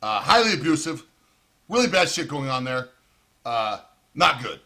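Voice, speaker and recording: A man's voice: medium pitch, very animated, normal speed, sharp tone. A man ranting in profane, heated commentary with sarcastic outbursts. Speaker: vlogger.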